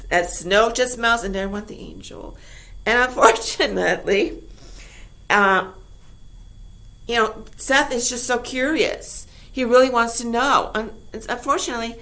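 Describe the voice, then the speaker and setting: A woman's voice: a little high, a bit bright. A woman teacher explaining a poem to her class in a chatty way, often checking in with her listeners.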